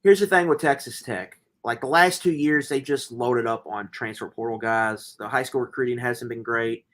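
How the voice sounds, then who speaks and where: Animated man talking football picks. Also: medium pitch, normal speed. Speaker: podcast co-host. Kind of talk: casual sports betting chat.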